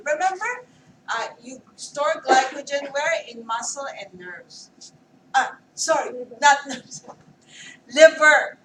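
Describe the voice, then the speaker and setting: A woman teaching an anatomy class, her voice pitched high and often rising into "okay?" checks as she quizzes students. She sounds set back from the microphone in an echoey classroom. A faint hum of the room sits under her. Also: a bit bright. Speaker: anatomy lecturer. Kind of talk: classroom lecture. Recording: roomy classroom mic from far off.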